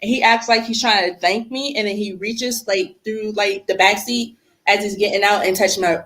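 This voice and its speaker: Animated woman telling stories. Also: mid-range voice, moderate pace, slight background noise. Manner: animated storytelling with acted-out quotes. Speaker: podcast guest. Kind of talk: casual chat.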